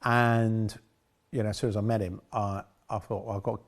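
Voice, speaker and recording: A man's voice: lowish voice, level tone, moderate pace. A man talking about his past work as a film director in a casual interview, rambling with frequent restarts and self-corrections.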